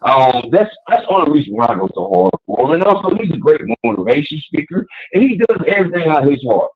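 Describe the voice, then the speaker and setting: Husky guy calling in, really lively voice, goes up and down a lot, sounds like a phone line. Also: fairly high pitch. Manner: impassioned, lively, repeats questions. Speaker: caller. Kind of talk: passionate call-in monologue.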